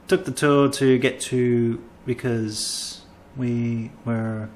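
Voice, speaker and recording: A man's voice: mid-range voice, steady tone, drawn-out words, a little hiss or hum. A man hosting a casual comedy podcast, rambling and self-mocking as he tells a travel story. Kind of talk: casual chat.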